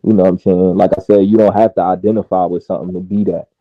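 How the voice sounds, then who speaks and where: A man's voice: low-pitched, flat delivery, quick pace, no echo. Brief: man, mocking stream arguer, tinny phone-like line, dry. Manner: taunting, talks over others. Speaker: live stream participant. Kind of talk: heated argument on a live stream.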